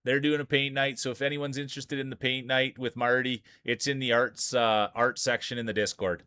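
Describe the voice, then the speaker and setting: A man commentates marble races on his live stream, building each race up like a big sports event and calling out his viewers by name. His voice is smooth and resonant at a middle pitch. The sound is dry and close to the microphone. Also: level tone, a little fast, bright, forceful tone, dry recording.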